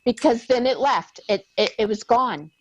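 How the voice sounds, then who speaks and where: A woman guest telling a personal story, emotional and halting, often repeating her words. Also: a little high, lively intonation, no echo. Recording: dull lo-fi sound.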